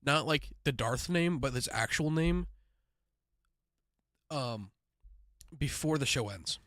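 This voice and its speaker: Casual male host, chatty reaction streamer with quick asides, dry close sound. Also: medium pitch, animated, fairly bright tone, no room sound. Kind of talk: casual live reaction chat.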